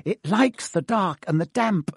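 A man voicing a clever, bossy young schoolgirl witch in a high, shrill, urgent voice. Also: expressive, unhurried, husky, no echo, clean studio sound, full character voice.

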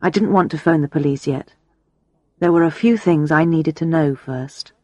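A woman's voice: deep voice, moderate pace, no room sound. Woman narrating a story, dry sound. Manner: steady storytelling. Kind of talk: audiobook narration.

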